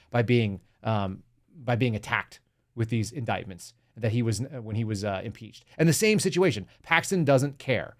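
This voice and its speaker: Sarcastic man hosting a political podcast. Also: medium pitch. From Texas. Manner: sarcastic, mocking; talks to the audience directly, reads news aloud. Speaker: podcast host.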